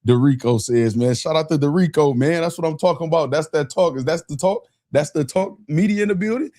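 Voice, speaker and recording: A man hosting a casual livestream, excitable and profane, shouting out chat and repeating himself. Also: fairly high pitch, brisk. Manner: profane, laughing. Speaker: livestream host.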